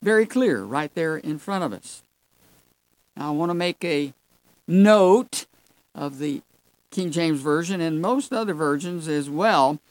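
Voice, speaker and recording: A preacher teaching a Bible lesson at a slow, deliberate pace, leaning on key words by saying them twice over. The listeners get called folks. The sound is dry, with no room echo. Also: mid-range voice, lively intonation. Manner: emphatic, repeats key words for stress. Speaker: Sunday school preacher.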